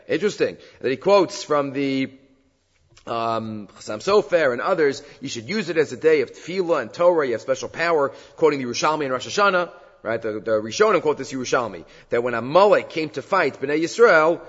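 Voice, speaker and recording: A man teaching a Talmud lesson in a fairly high, lively voice. He chants the quoted texts before explaining them. The sound is dull and lo-fi, with a long reverb tail like a big hall. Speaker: Torah teacher.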